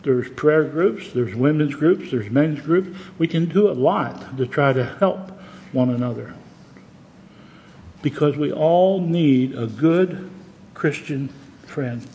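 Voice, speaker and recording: A man's voice: on the high side, animated, slow, a little mellow, slight background noise, low-quality recording. A man preaching a sermon as pastor, earnest and plain-spoken, with conversational asides to his congregation.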